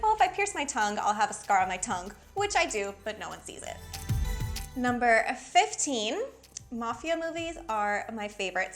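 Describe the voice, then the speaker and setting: A little high and sharp in tone, this woman in her thirties talks casually to camera as a fashion blogger. Raised in Miami, USA, she has a Valley girl accent and keeps dropping "like" in her chatty speech.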